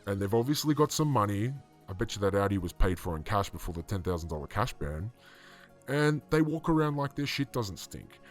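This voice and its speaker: Indignant man, low voice. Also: very animated, fairly quick, faint music behind. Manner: indignant, rambling, with frequent fillers and restarts. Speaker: online commentator. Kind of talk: casual commentary on a video clip.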